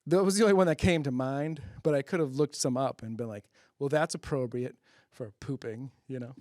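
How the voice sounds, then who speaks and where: Fairly high-pitched and animated, a man with a darkish tone hosts a public-access comedy show at a quick pace. He rambles loosely through jokes with plenty of fillers, laughing at them and asking if they land.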